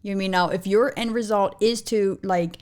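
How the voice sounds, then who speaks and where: A middle-aged woman on a casual podcast with a plain voice at an ordinary middle pitch. She backs up her co-host and often chimes in with agreement. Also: fairly even intonation, a little fast, a little mellow. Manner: supportive, chiming in with agreement. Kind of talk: casual chat.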